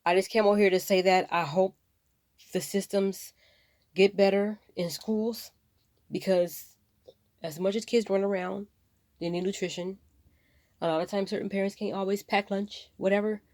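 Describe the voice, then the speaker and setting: A woman's voice: mid-range voice, steady tone, measured pace, pauses often, a little mellow, no echo. A woman vlogging about something that upsets her, rambling and impassioned, fighting back tears. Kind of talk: emotional personal vlog.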